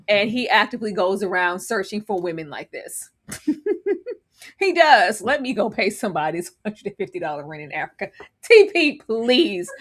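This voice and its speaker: A woman co-hosting a live reality show recap, talking in an animated, dramatic way and mocking the people she discusses. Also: medium pitch. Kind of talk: casual live recap chat.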